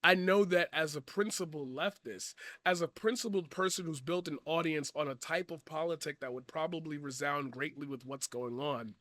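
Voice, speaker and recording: A man giving a profane, blunt commentary rant, swinging from loud shouting to quiet earnest talk. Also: a little high, moderate pace, few pauses, no echo. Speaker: commentary streamer. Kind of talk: ranting commentary.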